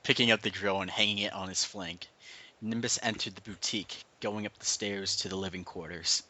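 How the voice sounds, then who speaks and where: Low, bright male narrator, casual story reader, dry close mic. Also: steady tone, a little fast. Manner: narrates plainly with laughs and asides. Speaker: reader, channel host. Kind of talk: casual reading aloud.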